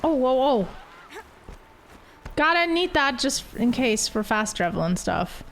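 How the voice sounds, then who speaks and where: A woman streaming a video game, chatting casually and excitably with her viewers. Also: sits high, unhurried, slight background noise. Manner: chatty, excitable, gasps and laughs. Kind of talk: casual let's-play commentary.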